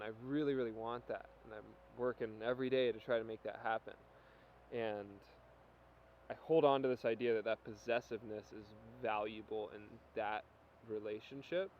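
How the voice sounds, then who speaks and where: A young man hosting a podcast, reflective and hesitant, filling his speech with "like" as he searches for words. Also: mid-range voice. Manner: reflective, filler-heavy, hesitant. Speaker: podcast host. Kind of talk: casual conversation. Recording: dull lo-fi recording with faint hiss.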